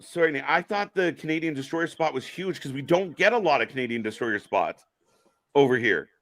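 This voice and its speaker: A man co-hosting a live wrestling reaction stream, excited, laughing often and shouting out moves. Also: fairly high pitch, brisk, no echo, studio quality. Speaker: wrestling co-host.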